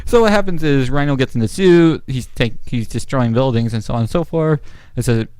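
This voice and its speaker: A man co-hosting a casual movie review chat, relaxed, plain-spoken and agreeable. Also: mid-range voice, a little fast, clean tone, no echo. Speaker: podcast co-host.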